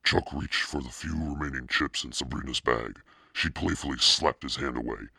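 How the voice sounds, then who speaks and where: A man reading a children's story aloud in a steady, expressive narration. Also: a bass voice, moderate pace, gravelly, husky, dry recording, studio quality. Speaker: audiobook reader.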